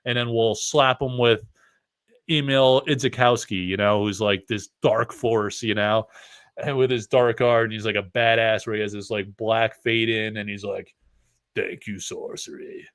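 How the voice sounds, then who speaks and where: A man's voice: fairly low pitch, fairly even intonation, moderate pace, smooth. A man from upstate New York hosting a card-opening livestream, talking in a loose, rambling way full of fillers. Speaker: host of a card-opening stream. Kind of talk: casual livestream chat.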